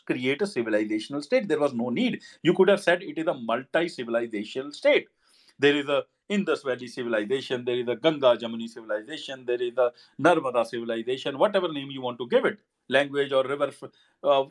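A man hosts an online discussion, arguing his point by firing off rhetorical questions and answering them himself, often repeating and restarting his words. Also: mid-range voice. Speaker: host of an online audio discussion. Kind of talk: argumentative explanatory talk. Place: online voice chat room.

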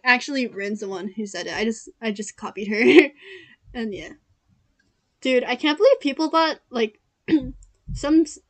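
A young woman chatting casually, telling rambling school stories with lots of fillers and giggles. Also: fairly high pitch. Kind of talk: casual chat.

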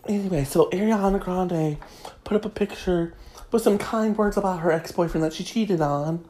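A woman's voice: fairly low pitch, normal speed, mellow, slight background noise. A woman host giving a crude comedic monologue, snarky and gossipy.

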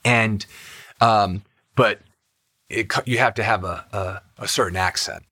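A man's voice: fairly low pitch, fairly even intonation, measured pace, sharp tone, breathy edge, no echo, studio quality. A man, a podcast co-host and actor, chatting casually and telling an enthusiastic personal story.

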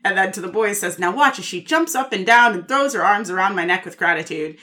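A woman co-hosting a podcast, recapping scenes in lively storytelling and acting out the quoted lines. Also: mid-range voice, a little fast. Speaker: podcast co-host.

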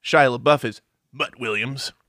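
A man's voice: medium pitch, unhurried, pushed and bright, no room sound, studio quality. A man co-hosting a casual movie review chat, running through cast lists and joking around. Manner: reads cast lists, sings and does silly voices. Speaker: podcast co-host.

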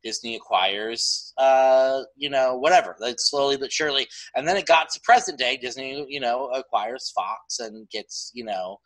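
A man with a bright, forceful voice, chatting casually as a podcast co-host. He tells his stories in an animated way. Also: mid-range voice, moderate pace, hardly any pauses, poor audio. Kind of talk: casual chat.

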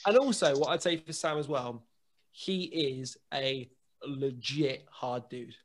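A man, a guest telling a lively anecdote in casual chat, full of restarts and acted dialogue. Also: mid-range voice, takes it slowly. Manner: lively storyteller, many restarts and quoted dialogue.

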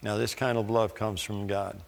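A man preaching a sermon, reading scripture slowly and deliberately with pauses. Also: fairly low pitch, little pitch movement, vocal fry, big-room sound.

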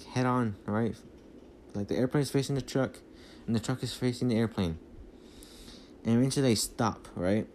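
A man's voice: fairly low pitch, mellow, a little hiss or hum. Rambling man recapping a movie. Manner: rambling, lots of fillers and restarts. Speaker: podcast host. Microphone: phone.

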